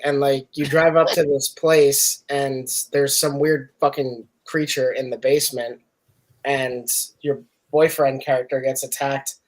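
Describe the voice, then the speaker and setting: A man co-hosting a casual podcast chat, easygoing and joking. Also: mid-range voice. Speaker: podcast co-host.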